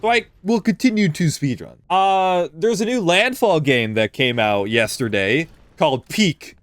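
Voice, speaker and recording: A man's voice: fairly high pitch, sing-song, unhurried, fairly bright tone, dry recording. A man streaming a speedrun, giving loose live gameplay commentary, swearing freely and talking to his chat.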